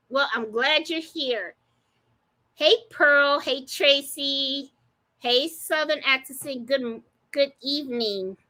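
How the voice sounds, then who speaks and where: A woman with a high, pushed, bright voice hosts a live crafting stream. She chats casually, laughs often, and greets viewers by name.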